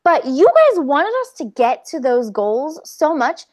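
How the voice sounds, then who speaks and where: A woman's voice: high voice, big pitch swings, a little slow, darkish tone, dry recording. A woman co-hosting a podcast in casual chat, enthusiastic and rambling. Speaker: podcast co-host.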